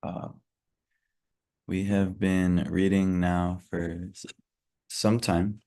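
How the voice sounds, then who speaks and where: A man with hiccups giving a casual scripture lesson, halting often with fillers and restarts. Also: low-pitched, little pitch movement, dark tone. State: has hiccups. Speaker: scripture class teacher.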